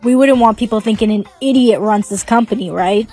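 A synthetic woman's voice reading lines in short POV skits in an even, machine-like way. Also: a little high, fairly quick, soft background music. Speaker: text-to-speech storyteller. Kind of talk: text-to-speech POV skit narration.

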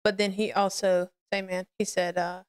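A woman hosts a live-streamed faith podcast, greeting her chat and sharing personal reflections in a candid, rambling way. Her voice is fairly low and smooth, with little pitch movement and normal speed.

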